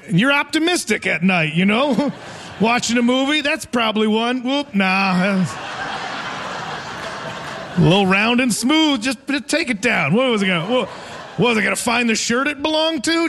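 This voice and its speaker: A man's voice: high-pitched, fairly bright tone, a little hiss or hum. A man in his forties doing a live stand-up set in a theater, rambling and self-mocking, often laughing through his lines. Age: 40s. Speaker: stand-up comedian. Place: theater stage before a live audience.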